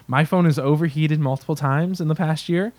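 A man co-hosting a casual chat, chuckling as he talks and rambling with halting restarts. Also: on the high side, a little mellow, dry recording.

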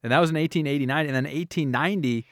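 A man's voice: fairly high pitch, very fast, dry recording, clean studio sound. A man hosting a casual comedic podcast. He rambles through a story, fumbling his words and laughing at himself. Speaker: podcast host.

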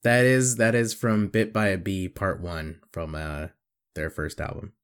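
A man's voice: low voice, steady tone, measured pace. A man hosting a casual podcast quiz, reading out quotes and teasing his guests. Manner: joking, teasing.

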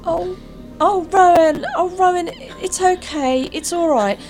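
A woman voicing a tender young adventurer who soothes a small creature in a cooing, higher voice than her own. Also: unhurried, a little mellow, faint music behind. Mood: soothing.

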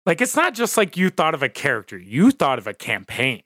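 A man in his thirties co-hosting a podcast, chatting casually, animated and emphatic, laughing often. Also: fairly high pitch, a little fast, no echo, studio quality. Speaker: podcast co-host. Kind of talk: casual chat.

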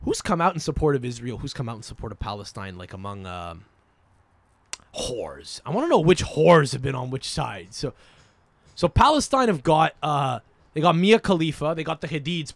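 Podcast host, young man, slightly high voice, rambling profane banter, dry close sound. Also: a bit bright, no room sound. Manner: profane, joking, laughs often; scattered, many fillers and restarts. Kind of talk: casual rambling podcast chat.

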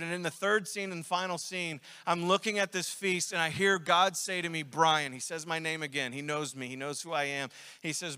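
A man's voice: high voice, sharp tone. A young man, preaching a sermon in a conversational, self-deprecating way with rambling asides. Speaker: pastor. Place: church sanctuary. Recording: long reverb of a church hall.

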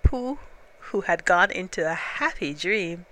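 A woman reads a children's story aloud, her fairly low voice bright and clear. She tells it gently and without hurry. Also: lively intonation, unhurried.

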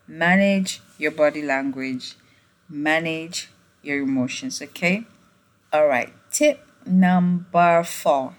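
A woman from Ghana talks straight to her listeners in an advice podcast. Her voice sits on the low side. She is earnest and pleading, keeps saying "okay?" and "please", and laughs at herself now and then. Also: takes it slowly. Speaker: podcast host.

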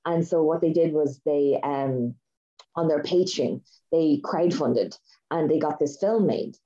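A woman with a low, mellow voice speaks a little slowly as she co-hosts a podcast. She tells a story in casual chat, enthusiastic and rambling, with plenty of fillers. The recording sounds dull and lo-fi.

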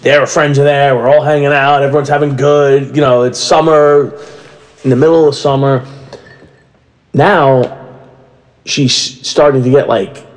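Male co-host, thirties, animated storyteller in casual chat. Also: medium pitch, a little slow, long pauses. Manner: animated storyteller, acts out quotes loudly. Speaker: podcast co-host.

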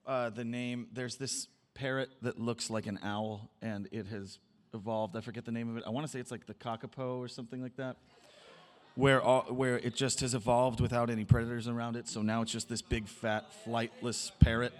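Man, mid-pitched panelist, live hall reverb, rambling jokey delivery. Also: flat delivery, a little fast. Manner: rambling, jokey, interrupts others. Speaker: band member on a live panel. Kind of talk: live onstage banter. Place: arts venue stage.

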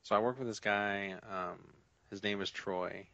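Young male co-host, low gravelly voice, dry lo-fi sound. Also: steady tone, a little slow, pushed and bright, no echo. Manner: storytelling, quoting coworkers. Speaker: podcast co-host. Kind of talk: casual chat. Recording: dull lo-fi sound.

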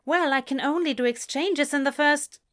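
A woman's voice: high voice, moderate pace, fairly bright tone, pitched above the performer's own voice. Woman doing a gushing, cooing shopkeeper lady. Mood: cheerful. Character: bubbly female plant-shop owner. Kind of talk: audiobook character voice.

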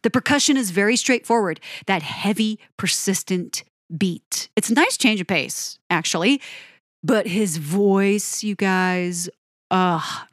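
Woman, mid-pitched, excitable music vlogger, dry close mic. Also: unhurried, no room sound. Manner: gushing, animated, addresses viewers directly. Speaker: music reviewer. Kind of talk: enthusiastic song breakdown.

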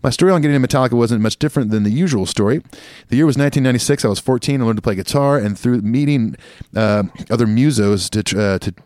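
A man's voice: medium pitch, fast talker, a little mellow, dry recording. A man co-hosting a podcast, reading listener emails aloud with joking asides. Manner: reads emails aloud with joking asides and a put-on Australian accent. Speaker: podcast co-host.

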